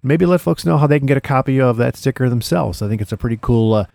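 A middle-aged man talks close to a studio mic as a radio host. His voice is gravelly and the sound is dry. He rambles with slang and fillers and gets excited in bursts. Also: medium pitch, fast, no room sound. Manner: excitable, laid-back hipster slang, many fillers. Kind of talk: casual radio show patter.

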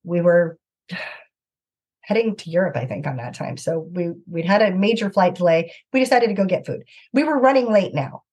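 A middle-aged woman guest recounting a personal story with earnest animation, often slipping into the voices of the people involved. Her voice has a slightly husky, breathy edge. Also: on the low side, normal speed, lo-fi sound. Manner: earnest, animated anecdote-telling with acted-out quotes. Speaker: author and guest. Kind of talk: conversational storytelling.

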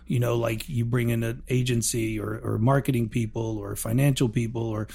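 Rambling man with a gravelly voice. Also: medium pitch, little pitch movement, normal speed, warm tone. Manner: rambling, joking, many fillers. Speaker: podcast host, coach. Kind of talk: casual interview chat.

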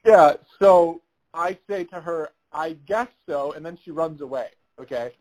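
A man's voice: fairly high pitch, a little slow, poor audio. A man co-hosting a podcast, telling a funny story in casual chat, acting out the other people's lines and laughing as he goes. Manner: animated storyteller, laughs while telling, acts out quotes. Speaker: podcast co-host.

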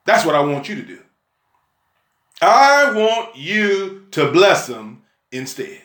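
A man's voice: on the high side, big pitch swings, brisk, a bit bright, roomy sound. A man voicing the Lord as a stern, commanding male deity who gives a firm warning in a sermon.

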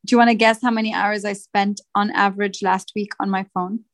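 A woman's voice: medium pitch, level tone, fairly quick, no room sound. A woman co-hosting a casual chat show, blunt and teasing, with some swearing. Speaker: podcast co-host.

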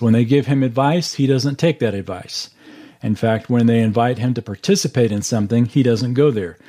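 A man's voice: medium pitch, mellow. A man teaching a Bible class over a video call, earnestly walking through verses and explaining them step by step.

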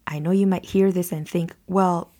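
A woman's voice: lowish voice, steady tone, fairly quick, dark tone. A woman hosting a solo podcast, talking in an earnest, conversational and reassuring way. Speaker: podcast host.

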